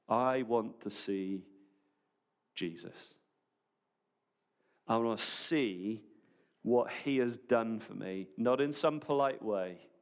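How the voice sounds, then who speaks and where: Man preaching with a smooth voice. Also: lowish voice. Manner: conversational, animated preaching with rhetorical questions. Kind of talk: sermon. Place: church service.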